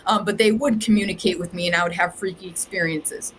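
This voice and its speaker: A lowish, fairly evenly intoned voice belongs to an Ohio woman, a psychic medium and podcast guest, who talks a little fast. She tells her story casually and ramblingly, saying "like" a lot, on a rough recording with slight background noise.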